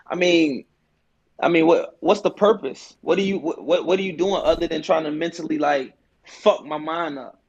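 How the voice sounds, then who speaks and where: A man's voice: a little high, normal speed, muffled recording. A man telling jail stories in loose, profane street slang, full of restarts and repeats, as a podcast guest. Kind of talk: casual storytelling chat.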